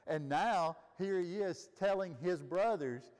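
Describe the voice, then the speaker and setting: A man's voice: sits high, slow pace, darkish tone. Man teaching in a reverberant room. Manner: conversational, asks the group questions. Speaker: Bible study teacher. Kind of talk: casual teaching to a group. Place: room with a group of listeners.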